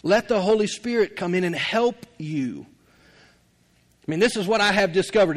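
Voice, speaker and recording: A man's voice: high-pitched, animated, normal speed. A middle-aged man preaching a sermon in a folksy, conversational way, often laughing as he talks. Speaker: pastor.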